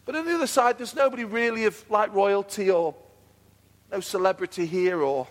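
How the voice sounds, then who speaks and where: A high-pitched pastor preaches an earnest, repetitive sermon at a moderate pace, his phrases swelling into fervent declarations. He often doubles back on a word before pressing on, and the church hall gives his voice a long reverb.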